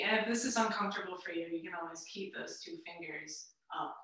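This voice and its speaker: A woman yoga teacher giving calm, gentle, step-by-step breathing instructions. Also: on the low side, brisk. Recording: roomy echo, mic at a distance.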